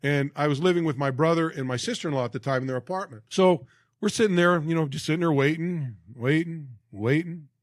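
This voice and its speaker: A man's voice: a little high, a little fast, dry recording, studio quality. A man in his sixties, a guest on a podcast, telling anecdotes with acted quotes and lots of restarts. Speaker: guest, former football player. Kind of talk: casual storytelling interview.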